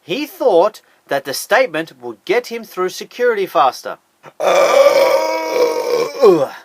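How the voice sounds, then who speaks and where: A man's voice: sits high, sing-song, normal speed, heavy background noise. A man hosting a scripted top ten countdown, talking in a sarcastic, incredulous way. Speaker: host of a top ten list channel. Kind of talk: scripted list commentary.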